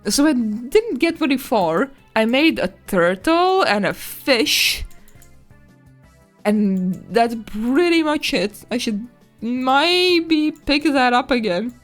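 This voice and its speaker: A woman streaming live, chatting casually and excitedly while exploring a map, squealing at animals and swearing now and then. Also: high voice, takes it slowly, faint music behind.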